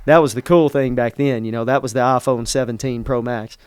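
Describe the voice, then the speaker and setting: A man's voice: medium pitch, fairly even intonation, a little fast. A middle-aged pastor tells a personal story in conversation, earnest and emotional, often restarting his sentences. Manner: earnest, emotional, self-interrupting.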